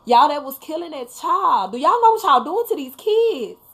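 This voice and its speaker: Woman host, fairly high voice, heartfelt and blunt, keeps calling out to viewers. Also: very animated, normal speed, fairly bright tone. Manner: emphatic, keeps addressing viewers, blunt with swearing. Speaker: livestream host talking to viewers; mother. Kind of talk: casual heartfelt talk to viewers.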